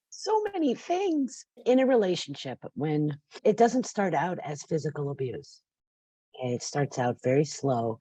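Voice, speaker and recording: A woman's voice: fairly low pitch, dark tone, no room sound. A woman in her fifties speaking as a podcast guest, passionate and emphatic, sometimes tearful. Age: 50s. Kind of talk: podcast interview.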